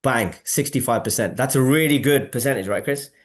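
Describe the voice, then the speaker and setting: Animated man hosting a marketing webinar. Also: mid-range voice, brisk. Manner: animated, emphatic, asks audience for replies. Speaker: webinar host. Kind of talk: casual marketing webinar talk.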